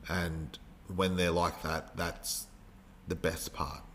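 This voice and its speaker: A man with a very deep voice hosts a casual podcast. He talks in a loose, rambling way and often stops to hunt for the right word. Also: takes it slowly, slight background noise. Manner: relaxed, rambling, searches for words. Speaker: podcast host, teacher.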